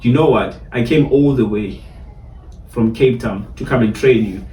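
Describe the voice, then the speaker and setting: A man from South Africa with a South African Xhosa English accent, telling lively stories in a casual chat with many fillers and repeats. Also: medium pitch, normal speed. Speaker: barista trainer, guest. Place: in a car. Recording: roomy sound, mic at a distance, faint ambience.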